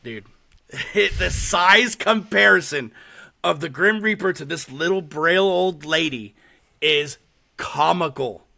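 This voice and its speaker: A man hosting a podcast, telling a story in casual chat with animated delivery and lots of swearing. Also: fairly high pitch, slow pace, vocal fry. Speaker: podcast host. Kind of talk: casual chat recapping a horror short.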